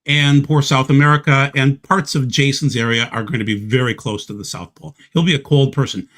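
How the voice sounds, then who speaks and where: A man's voice: medium pitch, steady tone, brisk, a bit bright. A man hosting a casual discussion, confident and insistent about his claims.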